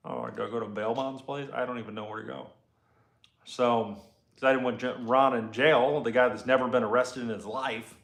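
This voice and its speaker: A man's voice: mid-range voice, fairly even intonation, normal speed, creaky, a bit bright, echoey room. A man hosting a casual live chat from his garage, answering viewer comments as he rambles, laid-back and profane. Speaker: host and car builder.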